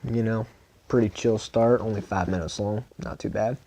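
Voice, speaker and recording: A man's voice: on the low side, steady tone, moderate pace, mellow. A man with a Southern US accent reading a novel aloud at home in a laid-back, informal way, sometimes stumbling and repeating words. His mouth is dry. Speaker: audiobook reader. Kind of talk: amateur audiobook reading.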